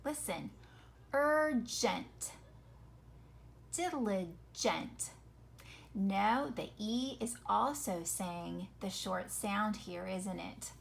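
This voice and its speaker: A woman's voice: mid-range voice, slow pace, gravelly, hardly any pauses. A woman teaching a phonics lesson to children, patiently sounding out example words and asking questions.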